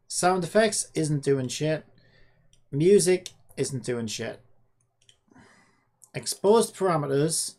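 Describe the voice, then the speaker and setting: A woman's voice: low voice, animated, slow, pauses often, darkish tone. A woman streaming while she codes a game, chatting casually, exasperated and scolding an AI chatbot with sarcastic swearing. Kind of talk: casual livestream chat while coding.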